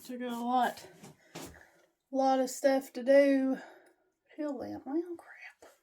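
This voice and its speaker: A woman talks to her viewers in a relaxed vlog. Her voice sits high and her pace is slow and unhurried. She gives a homespun, faith-based pep talk. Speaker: vlogger. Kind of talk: casual encouraging vlog talk.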